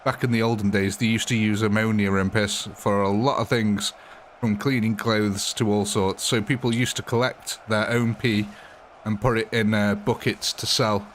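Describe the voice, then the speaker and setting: A man's voice: lowish voice, flat delivery, normal speed, a little hiss or hum. A man hosting a live game stream, chatting casually and jokily as he rambles between topics. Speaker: live-stream gamer host.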